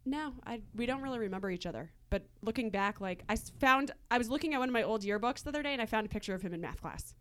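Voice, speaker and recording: A woman's voice: fairly high pitch, lively intonation, racing, hardly any pauses. Chatty woman co-hosting a podcast. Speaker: podcast co-host. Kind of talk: casual chat.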